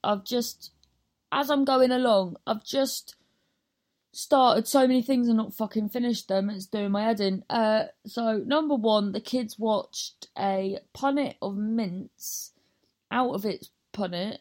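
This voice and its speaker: A woman's voice: mid-range voice, unhurried, a little mellow. Rambling, chatty woman. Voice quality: chatty, scattered, self-interrupting, swears often. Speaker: stand-up comedian. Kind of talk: rambling casual monologue.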